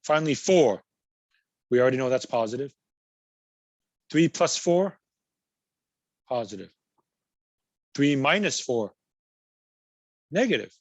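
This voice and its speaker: A man's voice: mid-range voice, lively intonation, slow, pauses often, no echo. A man teaching a college math class, patiently working through examples and repeating key words. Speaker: math instructor. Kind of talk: recorded class lecture.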